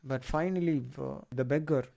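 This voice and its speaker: A man lecturer, retelling a play for a class in loose, halting phrasing with many fillers. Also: fairly high pitch, gravelly, dark tone, highs cut off. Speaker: literature lecturer.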